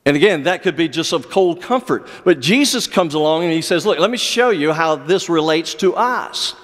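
A pastor preaching an earnest sermon, with measured delivery and dramatic pauses. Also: male voice, on the high side. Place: church sanctuary. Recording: long church reverb.

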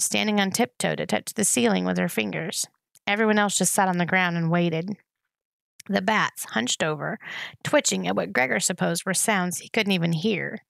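A woman reading a children's novel aloud in steady, expressive narration. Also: medium pitch, vocal fry, no room sound. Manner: steady, expressive reading, voicing each character. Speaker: reader. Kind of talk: audiobook narration.

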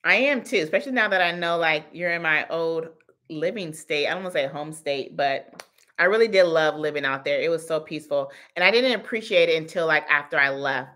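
A woman coaching viewers in a relaxed livestream chat, talking freely and laughing often. Her voice sits low but comes across bright and forceful. She answers comments from the chat as they come in. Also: a little fast. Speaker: cleaning business coach hosting a livestream Q&A.

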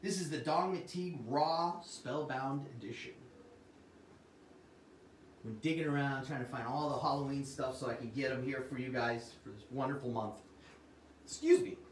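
A man's voice: mid-range voice, moderate pace, distant mic, slight background noise. A man hosting a livestream sales show, with upbeat salesman patter and chatting with his viewers. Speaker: host. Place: Arizona. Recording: roomy sound from off the mic.

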